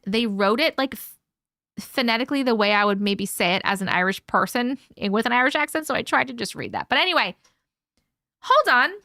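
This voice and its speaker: A woman's voice: a little high, bright, forceful tone, no echo, studio quality. Chatty woman host reading stories. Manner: chatty, reads aloud with quick asides. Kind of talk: casual live-stream story reading.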